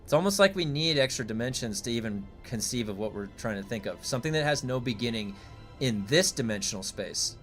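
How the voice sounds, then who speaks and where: A man's voice: fairly low pitch, animated, a little fast, few pauses, fairly bright tone, faint music behind. A man who streams games muses aloud in a rambling, curious way and swears now and then, talking into a desk mic. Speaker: game streamer. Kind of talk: casual livestream musing.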